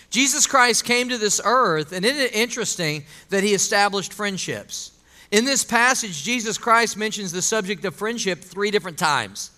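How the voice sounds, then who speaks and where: A man's voice: sits high, pushed and bright. A man preaching a conversational sermon to his congregation, asking them questions and calling for amens. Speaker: pastor.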